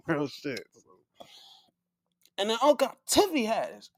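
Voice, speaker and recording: A man hosting casual solo sports talk, animated and laughing, full of slang and profanity. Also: high voice, slow pace, dry recording, clean studio sound. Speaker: podcast host.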